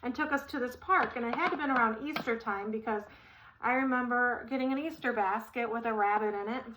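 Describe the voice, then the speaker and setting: Middle-aged lady rambling thru a story while building a chair, kinda high voice, faint clicks behind. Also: brisk, background noise. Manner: rambling, warm-hearted, many fillers and restarts. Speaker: vlogger.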